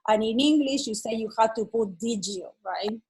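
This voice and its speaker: A woman's voice: on the high side, moderate pace, darkish tone, a little hiss or hum, poor audio. A woman teaching an online lesson, explaining patiently and checking that her student follows. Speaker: Spanish teacher.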